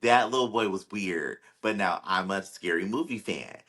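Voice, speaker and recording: A man's voice: sits low, animated, moderate pace, fairly bright tone. A man co-hosting a casual podcast chat, blunt and opinionated, with some swearing. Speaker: podcast co-host.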